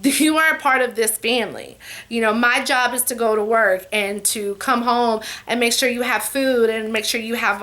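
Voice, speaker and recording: Woman, 40s, high bright voice, chatty Q&A vlogger. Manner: chatty, warm-hearted, says "y'all" and "you know" often. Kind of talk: casual Q&A chat to camera.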